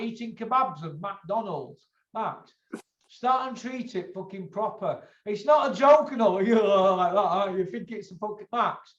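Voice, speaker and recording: A man's voice: high-pitched, fairly bright tone. A man hosting a boxing chat show, blunt and lecturing, swearing freely. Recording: echoey, dull lo-fi room sound.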